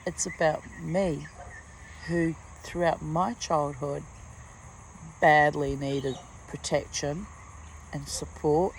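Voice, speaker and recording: An older woman with a gravelly edge to her voice gives a blunt, profane vlog monologue. She swears freely and hits her words hard. Faint outdoor ambience hangs behind her in the garden. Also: sits low, steady tone, slow pace, pauses often, a little hiss or hum, rough recording. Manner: blunt, profane, emphatic storytelling. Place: outdoors in a garden under a tree.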